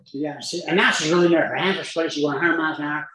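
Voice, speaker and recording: A man from Utah telling a humorous personal story as a speaker at a recovery meeting, with lively asides and chuckles. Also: fairly high pitch, very fast, reverberant, crowd noise, rough recording.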